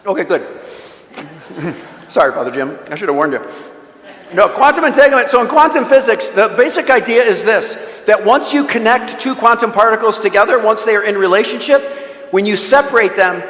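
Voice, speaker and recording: Male mission speaker with a high voice, chatty storyteller with jokey asides, recorded in a roomy, echoing church. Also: animated, moderate pace, fairly bright tone. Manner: storytelling with joking asides to the audience. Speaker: guest speaker at a parish mission. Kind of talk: conversational talk at a church mission. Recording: echoey church with long reverb.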